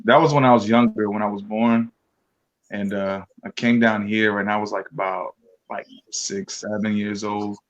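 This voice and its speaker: A man's voice: fairly low pitch, fairly even intonation, moderate pace, lo-fi sound. A man from Georgia being interviewed on the radio as a guest rapper, easygoing, laughing often and talking loosely. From Georgia, USA.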